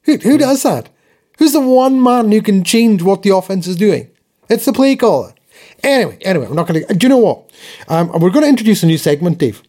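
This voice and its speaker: A man's voice: sits high, very animated, a little fast, dark tone. A man co-hosting a sports podcast, ranting in an exasperated way and restarting his sentences often. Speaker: podcast co-host. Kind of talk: casual sports chat.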